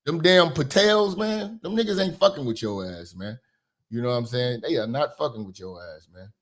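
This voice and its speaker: A man's voice: mid-range voice, sing-song, fairly quick, loud music behind the voice. A man hosting casual commentary who speaks bluntly and profanely in a conversational way. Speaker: commentary host.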